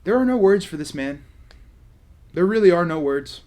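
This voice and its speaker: A man hosting a vlog, telling a casual story in a sarcastic, animated way. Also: high voice, moderate pace. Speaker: vlog host.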